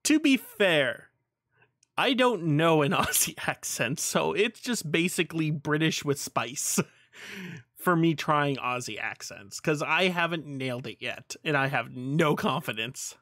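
Chatty man, slightly high voice. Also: lively intonation, a little slow, a bit bright, dry recording, studio quality. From United States. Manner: chatty, laughs often, answers chat, swears casually. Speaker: streamer. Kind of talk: casual live-stream chat with viewers.

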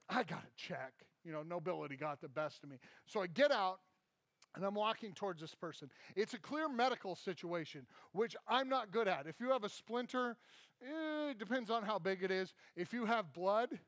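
Man, pastor, animated sermon storytelling, swooping expressive pitch, self-mocking humor. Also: no room sound. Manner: animated, self-deprecating, acts out the people in his story. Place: church.

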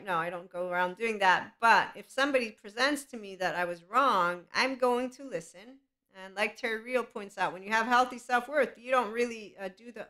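The host speaks a little fast in a fairly high voice with a sharp tone. Talking solo to her podcast listeners, she's chatty and rambling, with frequent breaks into laughter.

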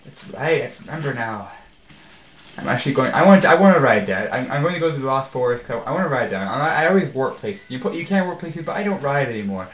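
A man's voice: medium pitch, very animated, quick pace, a little hiss or hum. Man giving echoey gameplay commentary. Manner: rambling and easily exasperated, says "freaking" often. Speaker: let's play host. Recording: echoey room with faint game music.

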